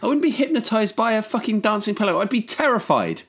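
A man trading comedic banter as a podcast co-host, his pitch swooping up and down in lively arcs. He talks over his partner again and again, sounding exasperated and protesting loudly. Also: fast. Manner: exasperated, keeps interrupting and telling his co-host to shut up.

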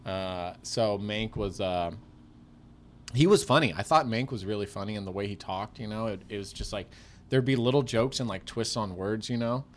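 A man's voice: on the low side, normal speed. A man in his thirties chatting casually on a comedy podcast, rambling with lots of fillers. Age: 30s. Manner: rambling, many fillers and restarts.

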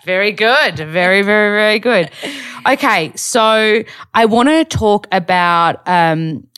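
A woman's voice: mid-range voice, expressive, slow pace, fairly bright tone, smooth. A woman hosting a casual interview, gushing and full of "like" fillers. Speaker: host, interviewer.

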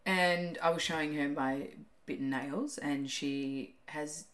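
A woman's voice: sits low, fairly even intonation, slow, crowd noise. A woman in her thirties co-hosting a podcast, telling stories in casual chat with frequent laughs and swearing. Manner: chatty storyteller, laughs often, swears casually. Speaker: podcast co-host.

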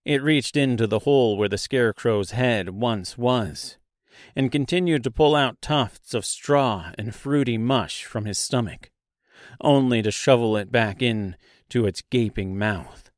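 A man narrating a dark fantasy audiobook in a slow, deliberate storytelling manner. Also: mid-range voice, dry recording, studio quality.

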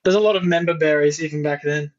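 A man's voice: fairly high pitch, fairly even intonation, fast talker, muffled recording. A man co-hosting a casual film podcast, recapping plots in an easygoing way. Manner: easygoing plot recaps with fillers. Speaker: podcast co-host. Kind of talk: casual chat.

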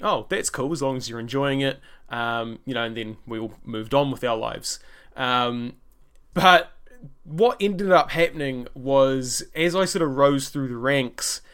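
A man's voice: mid-range voice, fairly bright tone. Young New man, podcast host, casual rambling solo chat, mid-range voice. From New Zealand. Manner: rambling, many fillers and restarts. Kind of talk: casual solo podcast, answering listener questions.

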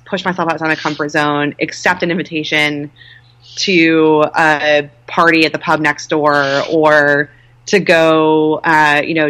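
A woman in her thirties with a low, deep-set voice, speaking as an interview guest. She talks in a chatty, candid way and pokes fun at herself. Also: pushed and bright. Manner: chatty, candid, self-deprecating. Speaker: guest, nonprofit co-founder. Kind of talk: casual conversational interview.

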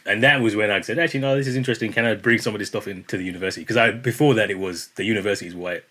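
Male British professor guest, quick and chatty, slightly low voice. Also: pushed and bright. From Britain. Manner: fast, chatty, laughs often. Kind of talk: casual interview conversation.

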